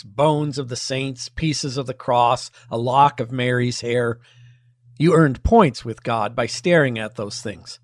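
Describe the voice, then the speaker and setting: A man preaching a sermon, measured and emphatic, with pointed rhetorical questions. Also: mid-range voice, dry recording, studio quality. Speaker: pastor.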